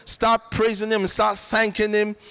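A middle-aged man delivers a sermon in a high, bright voice. He talks in an earnest, conversational way and presses hard on his points. His voice carries the long reverb of a big church hall. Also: completely flat delivery, normal speed, creaky, smooth. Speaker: preacher.

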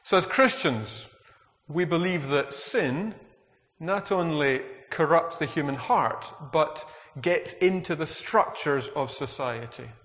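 A man's voice: on the high side, slow pace, fairly bright tone. A man preaching a sermon, earnest and reflective, asking the congregation questions. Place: church. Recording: long hall reverb.

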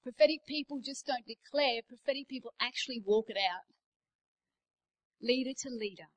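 A woman's voice: fairly high pitch, moderate pace, poor audio. A middle-aged woman with an Australian accent, preaching a sermon as a guest speaker in a church, telling anecdotes with emphasis.

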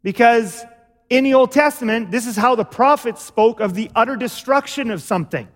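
A man's voice: very high-pitched, moderate pace, big-room sound. A male pastor preaching a sermon, explaining step by step and often checking in with "okay?". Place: church.

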